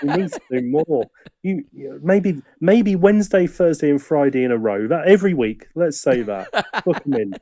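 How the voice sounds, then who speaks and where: A man guesting on a casual podcast, self-deprecating and quick with jokes, often restarting his sentences. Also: fairly high pitch, animated, dark tone, no room sound, clean studio sound. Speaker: guest co-host, music journalist.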